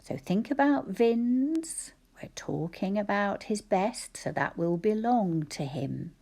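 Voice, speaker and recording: A woman teacher with a husky, gravelly voice dictates spelling sentences at a very slow pace. She breaks words into sounds and syllables, often dropping to a whisper. Her pitch sits low but moves a lot. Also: expressive, warm tone. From Scotland.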